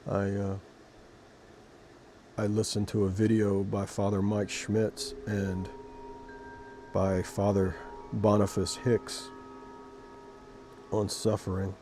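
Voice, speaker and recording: A low-voiced man with a mellow, even delivery reads scripture and then shares a personal reflection. He speaks in an emotional, halting way and restarts his sentences often. Faint room ambience sits behind his voice. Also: slight background noise. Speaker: Christian devotional video host.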